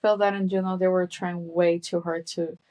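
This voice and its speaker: A woman's voice: fairly low pitch, little pitch movement, normal speed, mellow. A woman co-hosting a podcast, mostly giving short agreeing replies and brief comments on a film. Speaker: podcast co-host. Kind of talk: casual film chat.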